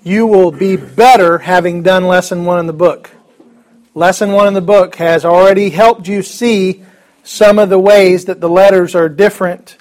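High-voiced upbeat man teaching a class. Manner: upbeat, chatty, joking asides. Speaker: Greek teacher. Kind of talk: classroom lesson.

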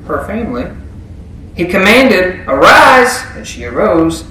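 A preacher with a high, slightly bright voice gives a conversational sermon to his congregation, asking them question after question. He is far from the mic, and his words ring through a very echoey church over a faint hiss.

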